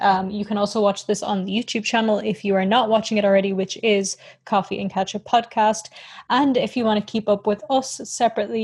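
A woman's voice: mid-range voice, darkish tone, husky. A young woman co-hosting a podcast, chatting casually in a giggly, rambling, self-mocking way, wired on coffee. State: caffeinated. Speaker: podcast co-host. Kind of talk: casual chat.

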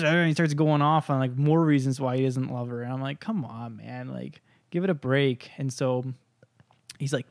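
A man's voice: medium pitch, steady tone, fairly quick, creaky, no echo, studio quality. A young man co-hosting a podcast, telling a story in casual chat, laid-back, swearing often and acting out quoted lines. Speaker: podcast co-host.

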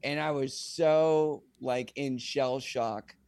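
A young man, a singer-songwriter guest on a podcast, telling a casual anecdote in an animated way and acting out the dialogue. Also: medium pitch, takes it slowly, no room sound. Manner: animated, acts out quoted dialogue.

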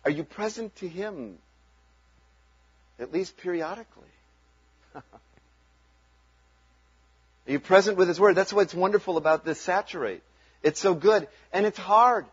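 High-voiced husky man preaching. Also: lo-fi sound. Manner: conversational, earnest, chuckles between points. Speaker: pastor. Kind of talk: sermon.

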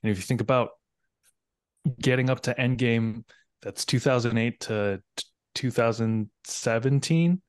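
Dry, measured man as a podcast guest. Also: medium pitch, clear, resonant tone, dry recording. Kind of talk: casual podcast discussion.

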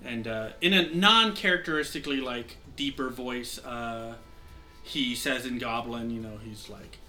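A man with a sore throat narrates a tabletop game as game master, stumbling through ums and restarts. His voice is bright and forceful at an even middle pitch. Faint music plays behind him. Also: a little slow. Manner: rambling, many fillers and restarts.

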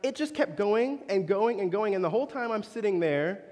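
A young man preaching in a relaxed, storytelling way, with joking asides to the audience. His voice sits a little high for a man. A long reverb from a large hall trails after his words. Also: moderate pace. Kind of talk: sermon storytelling.

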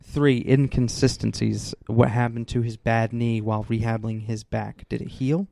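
A man's voice: mid-range voice, little pitch movement, moderate pace, gravelly, dark tone, a little hiss or hum. A man hosting a casual podcast, reading out a listener's list with wry laughs. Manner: wry, laughs often, reads a list aloud. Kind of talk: casual movie chat.

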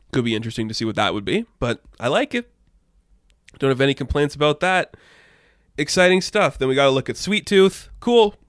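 This man offers casual, opinionated comic book news commentary, rambling into asides and laughing often. His medium-pitched voice has a fairly bright tone, recorded at studio quality with no echo.

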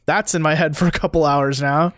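A man's voice: a little high, fairly even intonation, brisk, fairly bright tone, no room sound, studio quality. A man hosting a casual podcast, making laid-back, brief remarks. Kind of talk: casual chat.

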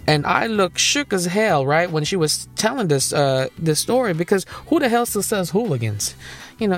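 Young guy doing a comedy podcast monologue, fairly high voice, keeps repeating himself and cracking up, faint music behind. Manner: animated, repetitive storytelling, laughs at his own jokes. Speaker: podcast host.

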